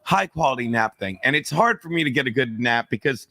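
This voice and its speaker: A man's voice: medium pitch, lively intonation, fairly quick, pushed and bright, no echo. A man in crude, rambling, self-mocking banter on a live stream, swearing freely.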